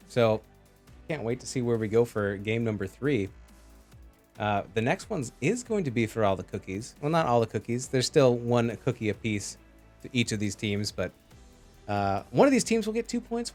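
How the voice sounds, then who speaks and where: A man casting a live esports match, chatty and joking as he reads out chat messages. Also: lowish voice. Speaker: esports caster.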